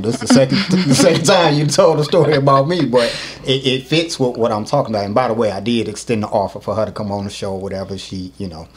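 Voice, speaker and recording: Low-voiced man telling a story. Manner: storytelling, animated, drops to low asides. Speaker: podcast host. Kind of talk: casual podcast chat.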